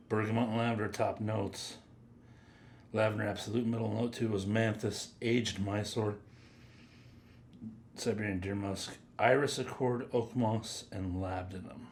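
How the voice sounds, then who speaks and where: A man giving a casual, rambling first-impressions review of perfumes, chatty and drifting into quiet mutters as he sniffs. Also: lowish voice, vocal fry, a little hiss or hum. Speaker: fragrance reviewer.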